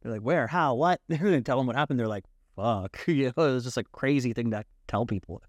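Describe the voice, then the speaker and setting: Man, podcast guest, casual storytelling, animated and profane, mid-pitched voice, dry close mic. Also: fast, no room sound.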